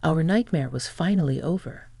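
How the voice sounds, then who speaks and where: Woman narrator, drama story, gravelly, husky, dry close sound. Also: low voice, lively intonation, moderate pace, mellow, no echo.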